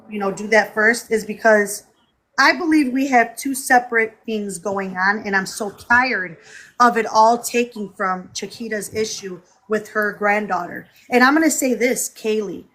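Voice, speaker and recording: Woman, livestream host, fairly high voice, heated, animated, calls viewers y'all. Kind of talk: heated casual livestream talk.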